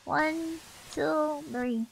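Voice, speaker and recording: A woman's voice: sits high, creaky, bright, forceful tone, slight background noise. A woman streamer giving casual, brash game commentary, swearing often and laughing a lot.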